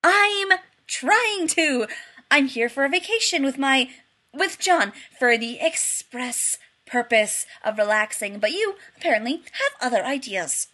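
A woman voicing an exasperated, grumpy man who shouts and sounds incredulous in an audiobook reading. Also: high voice, very animated, slow pace, hardly any pauses, voice pushed up, full character voice. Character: exasperated grumpy man, shrill when annoyed.

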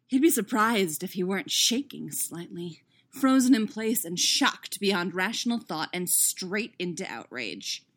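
A woman reading fan fiction aloud in a steady, expressive narration. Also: medium pitch, measured pace. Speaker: audiobook reader.

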